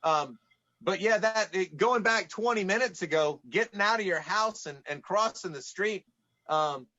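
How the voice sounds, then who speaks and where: A high, bright man's voice from Atlanta, spinning casual stories as a podcast guest. He acts out the people in his tales as he goes. The audio is a little dull and muffled. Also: a little slow. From United States, Atlanta. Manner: lively anecdotes, acts out quoted dialogue. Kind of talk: casual storytelling in conversation.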